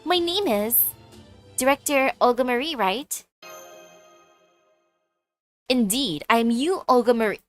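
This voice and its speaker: A woman's voice: a little high, lively intonation, measured pace, pauses often, soft background music. A woman voicing a haughty young woman who calls herself an alien ruler, in a pompous, grandiose manner. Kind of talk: reading game dialogue aloud.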